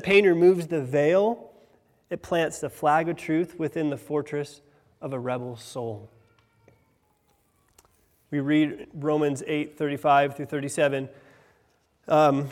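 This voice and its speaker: A man in his thirties preaching a sermon as pastor, earnest, rising loud on key phrases and dropping soft on others. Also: fairly high pitch. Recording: long hall reverb.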